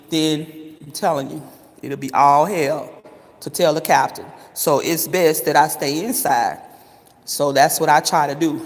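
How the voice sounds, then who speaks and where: A man chatting casually to his viewers, calling them honey and swearing freely. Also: on the high side. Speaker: vlogger. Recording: long reverberant echo.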